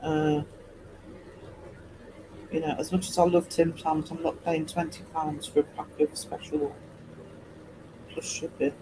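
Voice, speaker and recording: A man's voice: fairly high pitch, level tone, unhurried, pauses often, noisy background. A man, an artist chatting casually and rambling to his stream viewers as he works, laughing easily.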